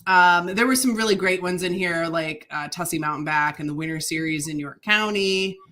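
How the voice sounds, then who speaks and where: A woman co-hosting a podcast in relaxed chat. Her voice is bright and crisp, bubbly, and she laughs easily. She fills her thoughts with ums as she goes. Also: lowish voice, normal speed. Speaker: podcast co-host.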